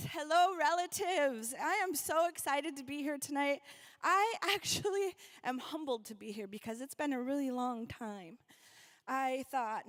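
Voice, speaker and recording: A woman's voice: sits high, lively intonation, normal speed. A woman from North Dakota giving a rally speech, calling out to the crowd and leading the audience through a reflection. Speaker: event speaker.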